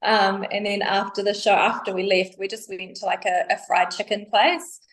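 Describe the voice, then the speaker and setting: A woman's voice: medium pitch, little pitch movement, moderate pace. A woman guest in a casual podcast interview, her voice in an ordinary middle range. She talks hesitantly and often searches for the right words. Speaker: podcast guest, bikini athlete.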